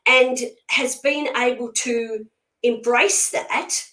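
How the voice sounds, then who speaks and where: A woman's voice: a little high, fairly even intonation, slow, pushed and bright. A woman speaking as a spiritual medium guest in a casual conversation, blunt, emphatic and outspoken. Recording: echoey room sound.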